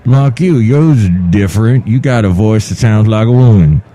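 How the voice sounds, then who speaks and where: Man doing a grumbling country fiddler, very low and very dark voice, blunt. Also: moderate pace, natural voice. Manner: blunt, gruff, complaining. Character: grumpy bigoted male country fiddle player.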